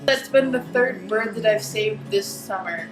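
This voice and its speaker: A woman's voice: mid-range voice, unhurried, distant mic. A young woman telling a funny everyday story in a chatty vlog, acting out what others said. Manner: chatty, animated, acts out the voices of others. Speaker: vlogger. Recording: echoey room with faint music.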